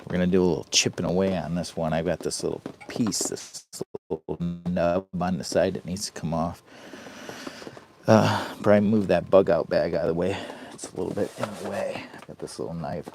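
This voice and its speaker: A man's voice: low-pitched, steady tone, brisk, gravelly, noisy background. A man in a heated tent in the rain, chatting casually with viewers and greeting them by name while he whittles wood. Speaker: camping vlogger. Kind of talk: casual live-stream chat.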